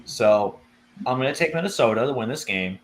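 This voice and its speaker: A man's voice: mid-range voice, expressive, brisk, slight background noise. Rambling man breaking down football picks. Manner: rambling, self-correcting, laughs easily. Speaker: co-host. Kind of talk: casual sports picks chat.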